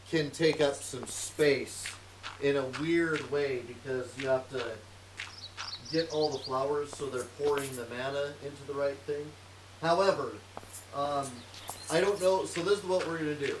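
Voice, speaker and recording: A streamer playing a modded block game in VR gives casual let's-play commentary in a fairly high male voice, with mostly even intonation and a measured pace. He's chatty and hums tunelessly to himself as he works. The mic is distant in a roomy space, and there's clear noise.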